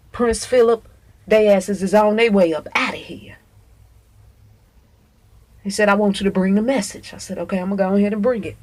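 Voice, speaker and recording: Husky woman ranting emphatically. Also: mid-range voice, darkish tone. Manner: emphatic, profane, calls listener "honey". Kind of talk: casual monologue to camera.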